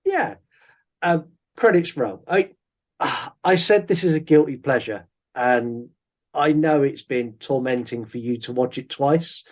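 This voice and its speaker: A man's voice: mid-range voice, measured pace. A man hosting a podcast, chatting casually about a film with many ums. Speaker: podcast host. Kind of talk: casual film review chat.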